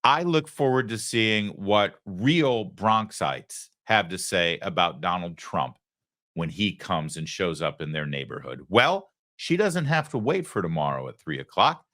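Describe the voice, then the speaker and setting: A man's voice: deep voice, very animated, a little slow, sharp tone. A man hosting a political commentary show, talking in an emphatic, sarcastic way.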